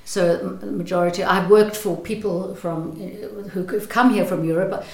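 An older South African actress with a South African accent talks through her answers at a middle pitch. She hesitates and restarts her phrases often. The room around her adds a noticeable echo. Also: fairly even intonation, moderate pace. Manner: thoughtful, hesitant with many restarts. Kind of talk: interview.

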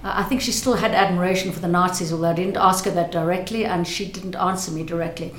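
A woman's voice: fairly low pitch, fairly even intonation, fast talker, a bit bright, echoey room. An older South African woman with a South African accent, an actress speaking in an interview, thoughtful and hesitant with frequent restarts.

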